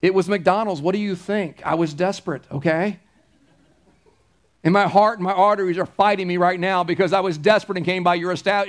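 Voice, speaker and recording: A man's voice: sits high, fairly even intonation, brisk. A middle-aged man, preaching a conversational sermon in a church, anecdotal and emphatic. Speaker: pastor.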